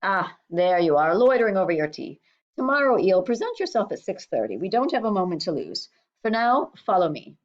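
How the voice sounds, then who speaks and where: A woman voicing a brisk, kindly male doctor and scientist who explains things eagerly. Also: lowish voice, sing-song, dull audio.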